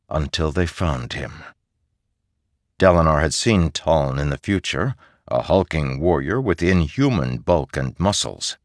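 Deep-voiced, expressive male narrator. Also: gravelly, dry recording, clean studio sound. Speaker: audiobook narrator. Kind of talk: scripted narration.

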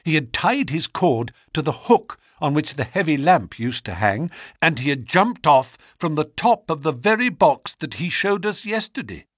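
Panicky shaken doctor guy, man putting it on, high voice, dry sound. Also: expressive, normal speed, few pauses, a bit bright, husky, dry recording. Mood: distraught. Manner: agitated, breathless exclamations. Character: distraught middle-aged male doctor, panicky.

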